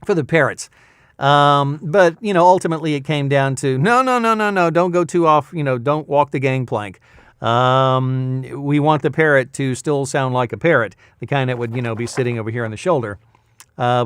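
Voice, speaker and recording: A man's voice: medium pitch, a bit bright, clean tone, dry recording, clean studio sound. A man in his fifties, a voice-over artist chatting in a rambling casual vlog recap with many fillers. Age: 50s.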